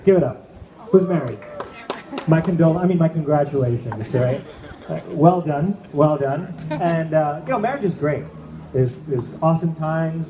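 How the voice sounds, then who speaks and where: A man doing a stand-up comedy set at an event, chatty and checking in with the crowd. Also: a little high. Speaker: amateur stand-up comic. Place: event room with a live audience. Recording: echoey room with background noise.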